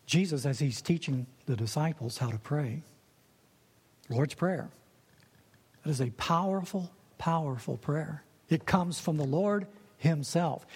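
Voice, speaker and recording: A man delivers a sermon in earnest, repeating phrases to drive them home. His voice sits a little high and is slightly husky. The sound carries a long reverb, as in a large church hall. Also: darkish tone. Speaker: preacher.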